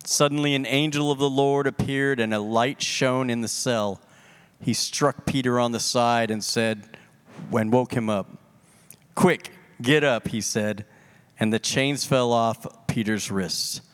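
A man reading a scripture passage aloud in a church service, with a measured delivery. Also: medium pitch, steady tone, clean tone. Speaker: scripture reader. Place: church sanctuary.

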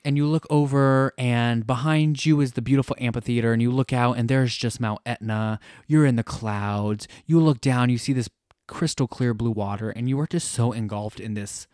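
A man gushes through a casual travel story on a podcast. His voice sits at a middle pitch and sounds dry and close to the mic. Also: moderate pace, darkish tone, no room sound. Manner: effusive, gushing storyteller. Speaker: podcast co-host.

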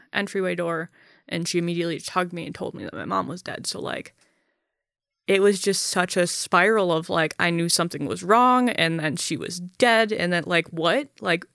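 A young woman in a casual podcast conversation, her voice gravelly with fry yet smooth and clear. She talks haltingly, full of fillers and restarts, and swears bluntly. The sound is dry and close. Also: lowish voice, fairly bright tone, no room sound. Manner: blunt and profane.

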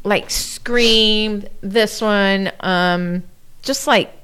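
A woman's voice: medium pitch, steady tone, extremely slow, a bit bright, clear, resonant tone. A woman in her forties co-hosting a casual chat podcast, rambling and swearing freely, her voice dried up from allergy medicine. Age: 40s. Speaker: podcast co-host.

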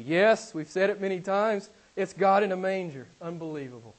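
A middle-aged man preaching a sermon, swinging between loud emphatic declarations and hushed, quiet asides. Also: sits high, normal speed, hardly any pauses. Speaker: pastor.

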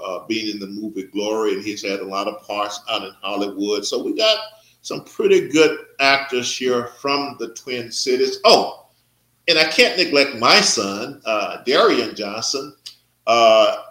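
A man's voice: fairly low pitch, fairly bright tone. Older guy hosting a podcast, lots of uhs, rambly, echoey room. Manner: rambling, hesitant with many fillers. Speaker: podcast host. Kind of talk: casual interview.

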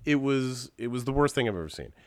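A man with a stuffy, congested voice, telling animated stories in a casual podcast chat and swearing casually. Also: medium pitch, fast talker, no room sound. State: congested from a sinus infection. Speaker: podcast regular.

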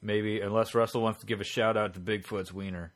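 A man's voice: lowish voice, fairly even intonation, a little fast. A man co-hosting a podcast in casual chat, with a laid-back, irreverent joking manner. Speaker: podcast co-host.

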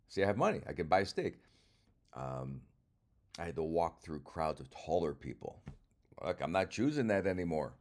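A very low, deep voice from an older man rambling casually. He is wry and self-mocking, drops swear words without a pause, and talks like a comedian telling stories to camera. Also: a little mellow.

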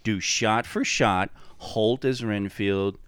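Male podcast host, casual rambling chat, smooth clear voice, dry close mic. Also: on the low side, takes it slowly, a bit bright, no echo. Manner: rambling, profane, enthusiastic.

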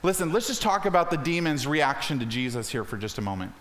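A man preaching a sermon as a pastor, conversational and energetic, slipping into acted quotes. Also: fairly high pitch, fast talker, roomy sound.

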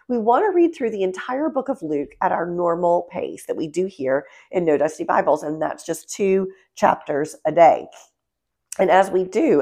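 A woman's voice: on the low side, gravelly, a little mellow. A woman with a nasal, congested voice from a sinus infection, hosting a casual Bible study podcast and explaining background in a friendly way with frequent fillers.

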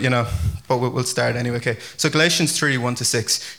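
A man preaching a casual, conversational sermon as pastor, chatty and animated with frequent fillers and restarts. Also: mid-range voice, fairly quick, hardly any pauses.

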